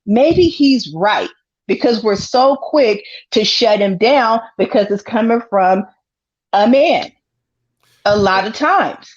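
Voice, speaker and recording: A woman's voice: medium pitch, slow pace. A woman host talking earnestly in a casual panel discussion, giving advice and often repeating her phrases. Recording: dull lo-fi sound.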